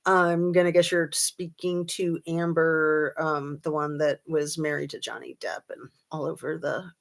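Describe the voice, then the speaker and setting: A woman's voice: low voice, steady tone, measured pace, vocal fry. A woman hosting a casual true-crime livestream, chatting and reading viewer comments with lots of ums and a sarcastic streak.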